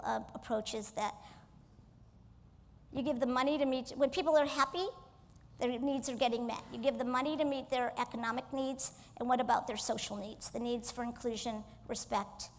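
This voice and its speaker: A woman motivational speaker giving a keynote on stage, energetic and coaxing the audience to join in. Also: a little high, in a large hall. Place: stage in a large hall.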